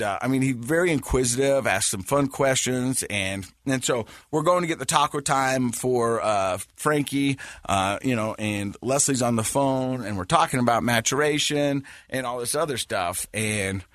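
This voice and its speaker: A man in his forties hosting a podcast, telling family stories in a casual, animated way and laughing at his own jokes. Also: medium pitch, no echo, studio quality. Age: 40s. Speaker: podcast host.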